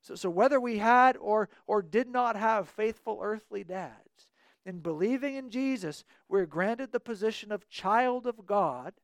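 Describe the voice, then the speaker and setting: A man's voice: high voice, no echo, clean studio sound. A man preaching a sermon as pastor, earnest, repeating key phrases and asking the congregation rhetorical questions.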